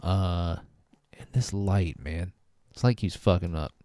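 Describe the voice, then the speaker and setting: A man's voice: deep voice, slow, dark tone, slight background noise. A man hosting a casual spoken film review, rambling with many fillers and restarts. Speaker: movie review host.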